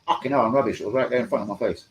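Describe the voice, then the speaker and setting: A man's voice: medium pitch, very fast, muffled recording, slight background noise. A young man hosting a live fan stream, profane, combative and mocking as he talks to his chat. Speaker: fan channel host. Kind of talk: live-stream football rant.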